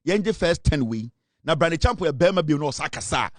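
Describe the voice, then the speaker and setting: A man's voice: fairly high pitch, lively intonation, brisk, dry recording, clean studio sound. A man with a Ghanaian accent giving emphatic, dramatic political commentary, switching between Twi and English.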